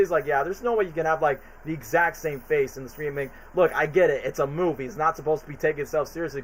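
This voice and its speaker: A man streaming casual commentary, retelling movie scenes in a rambling, animated way with quick put-on voices. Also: on the high side, rough recording.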